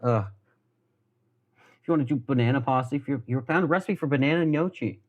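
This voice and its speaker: Here a young American livestreamer chats and swears as he cooks at home, wandering from topic to topic and making fun of himself. He speaks briskly at a medium pitch, and the recording through his headphones-with-mic comes out muffled.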